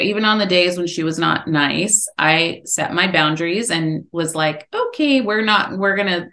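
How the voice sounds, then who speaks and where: Middle-aged woman, guest, lowish voice, earnest storytelling, animated when quoting. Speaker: podcast guest, author. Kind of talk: personal storytelling in an interview.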